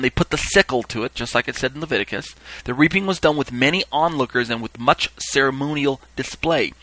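A man's voice: mid-range voice, bright, forceful tone, no room sound, poor audio. A man teaching a sermon, reading quoted texts aloud and explaining them in an easygoing, explanatory way. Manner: explanatory, acts out quoted call-and-response with raised voice. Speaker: Bible teacher.

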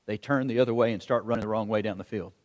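Animated pastor preaching in a reverberant hall. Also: male voice, lowish voice, racing. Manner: storytelling, animated, acts out coaching calls. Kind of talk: sermon.

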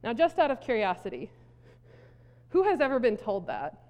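Woman pastor, high voice, lively storytelling sermon, long hall reverb. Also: normal speed. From South Dakota. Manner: animated storytelling with frequent laughs. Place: church hall.

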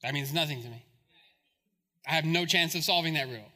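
A man's voice: fairly high pitch, fairly quick, bright, forceful tone. A male pastor preaching a sermon, with humorous, conversational asides to the congregation.

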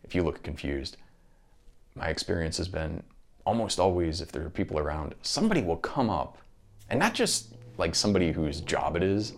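A man's voice: deep voice, very animated, normal speed. A man talking through his thoughts in a casual monologue, rambling and restarting often.

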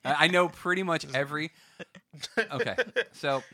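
A young man from the Washington DC area hosting a casual podcast chat, telling animated stories and mimicking accents for laughs. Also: on the high side, normal speed, no echo. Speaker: podcast host.

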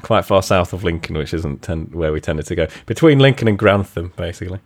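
A man's voice: sits low, animated, a little fast. A man co-hosts a podcast in easy, casual chat. He talks in a self-deprecating way and breaks into laughter often. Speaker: podcast co-host.

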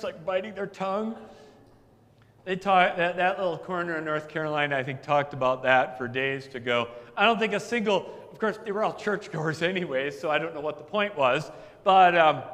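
High-voiced pastor in a reverberant church. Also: male voice, a bit bright. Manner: conversational storytelling with asides. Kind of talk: sermon.

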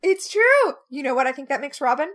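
A woman's voice: high voice, very fast. A woman co-hosting a podcast, recapping a show in casual, enthusiastic chat. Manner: enthusiastic, animated storytelling. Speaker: podcast co-host.

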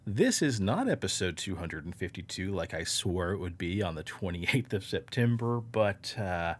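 Lower-voiced man co-hosting a podcast casually. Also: very animated, moderate pace, husky. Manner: loose, profane, rambling and upbeat. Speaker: podcast co-host.

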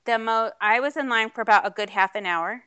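A woman's voice: on the high side, fairly quick, sharp tone, smooth, dry recording. A woman co-hosting a podcast, telling a rambling, chatty story with lots of fillers in casual chat. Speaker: podcast co-host.

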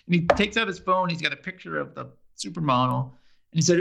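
A man's voice: fairly high pitch, fast, gravelly, bright, forceful tone. A man in casual chat, animatedly retelling a TV episode and acting out the characters' lines.

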